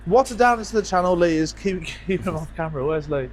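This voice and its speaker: A man with a nasal, croaky voice that sounds like he has a cold, hosting a scrapyard vlog in quick, jokey casual chat outdoors. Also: high-pitched, animated, noisy background. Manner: fast-talking, jokey. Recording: music playing under the voice.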